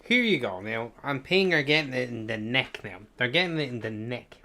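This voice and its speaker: A man's voice: medium pitch, expressive, moderate pace, sharp tone. A man with an Irish accent chatting casually to his live chat, rambling and swearing freely, sometimes eating sweets as he talks. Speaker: streamer.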